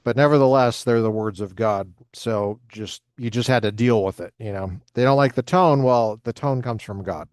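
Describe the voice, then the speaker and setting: A man's voice: lowish voice, normal speed, hardly any pauses, a little mellow, smooth, dry recording, studio quality. A man reading passages from a book aloud and adding joking commentary of his own. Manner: reads passages with joking asides. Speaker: lecturer reading from a history book.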